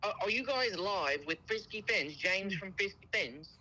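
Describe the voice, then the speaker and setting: Casual: fake british accent, irate customer, high bright voice, blustery. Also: male voice, expressive, moderate pace, full character voice, poor audio. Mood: angry, blustering. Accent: put-on British. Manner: blustering, stammering complaints. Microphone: phone call.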